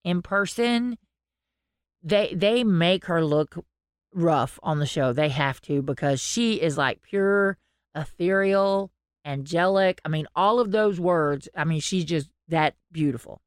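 Excitable woman telling stories. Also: on the low side, slow, clean tone, dry recording, clean studio sound. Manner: animated storytelling, acting out quotes. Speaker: podcast co-host. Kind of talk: casual podcast chat.

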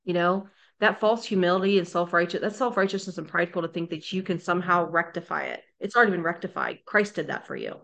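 A woman's voice: fairly low pitch, quick pace, vocal fry, few pauses, fairly bright tone. A woman giving an earnest, emphatic Bible teaching, acting out quoted voices as she goes. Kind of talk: sermon-style teaching video.

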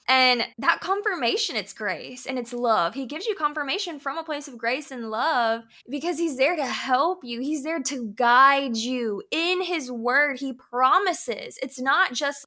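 Bright-voiced woman hosting a faith chat. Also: sits high, lively intonation. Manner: affirming, quick-talking with many "it's like"s. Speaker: podcast host.

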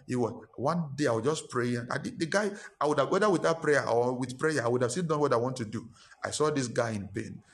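A middle-aged man with a Ghanaian English accent preaching a sermon, emphatic and repetitive, pushing his voice up in pitch and force. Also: fast. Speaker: pastor.

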